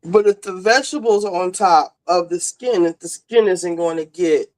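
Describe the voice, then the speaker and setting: A woman's voice: on the low side, moderate pace, darkish tone, low-quality recording. A woman hosting a casual chat show, asking lots of questions while she cooks. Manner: chatty, asks lots of questions. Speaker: show host.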